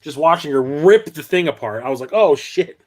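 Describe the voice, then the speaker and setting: A man hosting a casual livestream, rambling and correcting himself as he talks, quick to laugh. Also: fairly high pitch. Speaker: livestream host. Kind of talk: casual livestream chat about his game collection.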